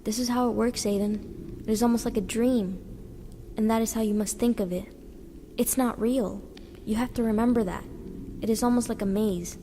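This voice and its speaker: A woman voicing a gentle young girl who guides a boy through a dream world, earnest and reassuring. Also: fairly high pitch, fairly even intonation, moderate pace, slight background noise, close to an everyday voice. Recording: reverberant with background music.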